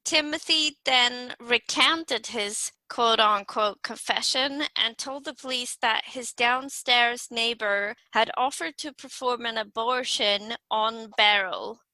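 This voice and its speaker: A woman's voice: a little high, slow, few pauses, sharp tone, no echo, poor audio. A woman hosting a true-crime podcast, reading her case notes steadily and giggling between lines. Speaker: podcast host. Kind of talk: scripted true-crime narration.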